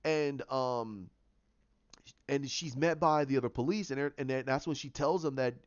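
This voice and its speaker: A man's voice: medium pitch, unhurried, no room sound. Man, casual fan recap, rambling, restarts, dry, lo-fi. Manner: rambling, many restarts and fillers. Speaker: fan show host. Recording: dull, lo-fi sound.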